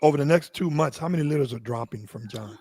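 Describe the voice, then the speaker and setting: A man's voice: fairly high pitch, quick pace, mellow, slightly rough. A man hosting a casual chat about dogs, talking loosely with swearing and stumbling, repeated words. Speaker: host.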